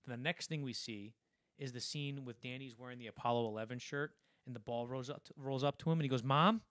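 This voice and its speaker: A man's voice: mid-range voice, steady tone, fast talker, dry recording, studio quality. A young man co-hosting a casual film podcast, animatedly retelling scenes in a rambling way full of restarts. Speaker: podcast co-host.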